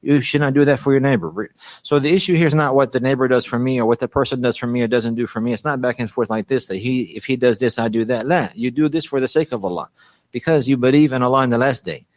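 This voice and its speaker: Man, religious lesson, mid-pitched voice, repeats key lines, dry close sound. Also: quick pace, no room sound. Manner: repeats phrases for emphasis, many restarts. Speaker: Islamic teacher.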